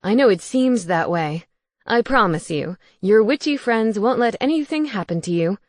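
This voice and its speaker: With a medium-pitched, animated voice at a moderate pace, a woman plays a bossy, snooping male ghost housemate. She sounds natural and loud, teasing and turning indignant, recorded in studio quality with no room sound.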